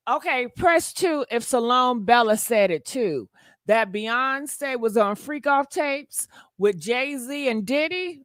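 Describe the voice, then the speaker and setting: A woman's voice: high voice, lively intonation, measured pace, a bit bright, no room sound. A woman hosting a gossip channel, chatting dramatically straight to her viewers with lots of exclamations. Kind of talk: casual gossip commentary.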